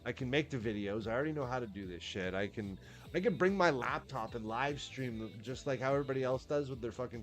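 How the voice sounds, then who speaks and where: A man chatting casually on a livestream, laid-back and swearing freely, often restarting his sentences. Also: medium pitch. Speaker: streamer.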